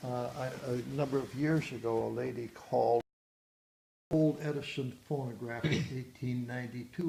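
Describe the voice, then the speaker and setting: Gravelly-voiced man guiding a museum tour. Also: mid-range voice, steady tone, normal speed, mellow. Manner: rambling, with many hesitations and restarts. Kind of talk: guided tour explanation. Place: museum exhibit room. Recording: echoey room, faint background noise.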